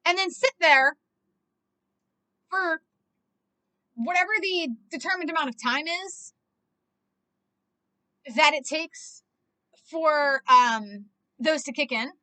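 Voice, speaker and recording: A young woman reacts to a movie in a high-pitched, pushed, bright voice, speaking slowly with long pauses. She rambles, says "like" constantly, and swears frequently.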